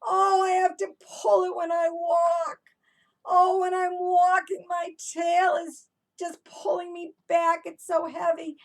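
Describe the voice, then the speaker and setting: A woman's voice: very high-pitched, level tone, slow, recorded from a distance, voice pushed up, full character voice. A woman voicing a complaining female dragon in a storybook reading, with a whiny, moaning delivery.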